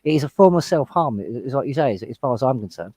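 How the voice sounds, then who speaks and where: A man on a panel discussion, talking fast and heatedly as he retells his own run-ins in casual chat. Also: medium pitch, expressive, mellow, slightly rough, no echo. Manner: heated, retelling confrontations with quoted exchanges. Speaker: panel guest.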